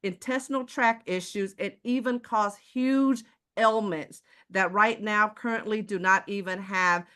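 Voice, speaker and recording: A woman's voice: medium pitch, fairly even intonation, a little slow, a bit bright, clear, resonant tone. A woman giving an emphatic presentation, asking the audience rhetorical questions and addressing them directly.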